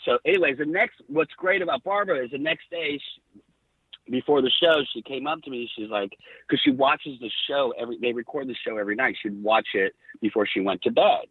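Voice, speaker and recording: A middle-aged man, a podcast guest, telling lively backstage stories with quoted dialogue. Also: medium pitch, brisk, slightly rough, no room sound. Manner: animated anecdotes with quoted dialogue. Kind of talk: casual storytelling. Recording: tinny phone-like line.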